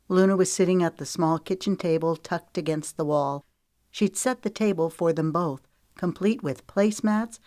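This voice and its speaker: A woman narrating a romance audiobook in a steady, even storytelling voice. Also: fairly low pitch, no room sound, studio quality.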